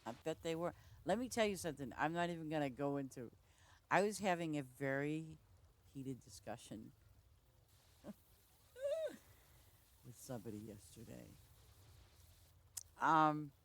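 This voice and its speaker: Animated rambling woman streamer. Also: sits low, measured pace, long pauses. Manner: rambling storyteller, frequent laughing, self-interrupting. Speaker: game streamer. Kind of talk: casual livestream chat while playing a farming game.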